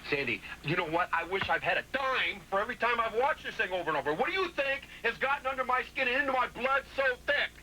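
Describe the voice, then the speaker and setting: A man's voice: extremely high pitch, sing-song, quick pace, hardly any pauses, pushed and bright, a little hiss or hum, low-quality recording. Heated, confrontational pro wrestler man. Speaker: professional wrestler. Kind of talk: staged wrestling promo confrontation.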